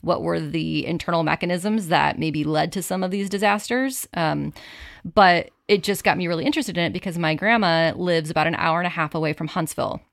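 Young woman, Chicago accent, low gravelly voice, chatty interview guest. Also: a little fast, no echo, clean studio sound. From Naperville, Illinois. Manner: chatty, repeats words as she talks. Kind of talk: casual interview chat.

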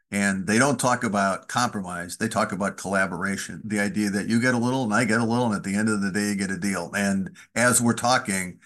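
A man from Wisconsin, a former congressman, talking candidly in an interview and telling anecdotes. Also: on the low side. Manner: candid, anecdotal, lively storytelling. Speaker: former congressman, podcast host guest. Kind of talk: conversational interview.

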